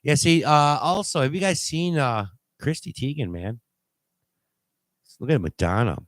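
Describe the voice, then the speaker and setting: A man hosting a call-in talk show, rambling and halting with many fillers and restarts as he reads posts aloud. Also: a little high, expressive, fairly bright tone, no room sound. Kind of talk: casual call-in show commentary.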